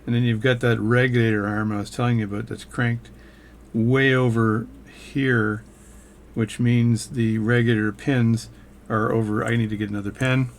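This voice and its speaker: A man's voice: medium pitch, level tone, moderate pace, a little hiss or hum. A man hosting his own channel, giving a casual, rambling workshop tutorial and explaining each step hands-on, with a self-mocking humor. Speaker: watchmaker and channel host.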